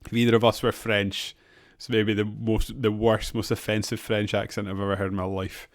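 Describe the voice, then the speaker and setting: A man's voice: fairly low pitch, little pitch movement, moderate pace. A man co-hosting a podcast in easygoing, casual chat. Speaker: podcast co-host.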